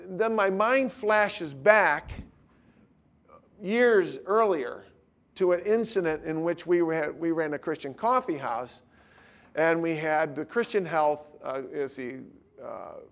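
A male preacher delivering a sermon in a fairly high voice, animated and emphatic as he weaves personal anecdotes into his teaching. His delivery rises and falls with his stories. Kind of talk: sermon with storytelling.

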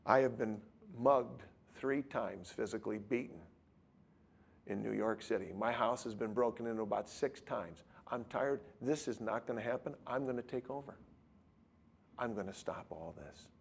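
A man voicing a tired, nearly elderly man who speaks quietly and with resolve. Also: mid-range voice, normal speed, gravelly, husky, pitched below the performer's own voice. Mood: weary resolve.

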